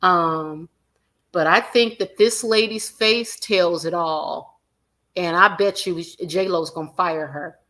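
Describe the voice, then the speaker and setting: A woman hosting a celebrity gossip livestream, animated and emphatic, repeating her points and reading viewer comments aloud. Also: fairly low pitch, slow pace, slight background noise. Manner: animated, acts out quotes in other voices, reads viewer comments aloud; emphatic repetition.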